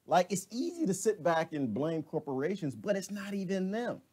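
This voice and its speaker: A middle-aged man hosting a casual live stream from home, talking straight to viewers through a webcam mic. His pitch swings widely as he rants, and he keeps breaking into laughter and calling out viewers by name. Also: very animated, normal speed, a little mellow, breathy edge.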